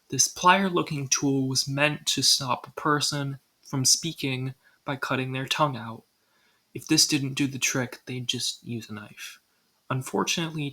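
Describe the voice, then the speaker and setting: A woman's voice: a bass voice, fairly bright tone, husky, low-quality recording. A young woman narrating a scripted ranking video with casual, dry asides. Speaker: video creator.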